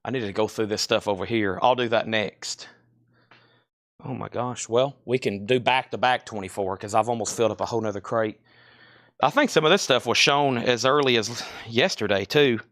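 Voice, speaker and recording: A man hosting a live vinyl record sale, running an excitable commentary and talking to himself as he sorts and sells. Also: medium pitch, moderate pace, no room sound, clean studio sound.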